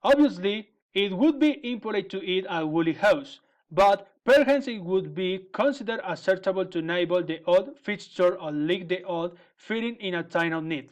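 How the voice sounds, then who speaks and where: Male storyteller, fairy tale reading, measured, gentle, high voice. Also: lively intonation.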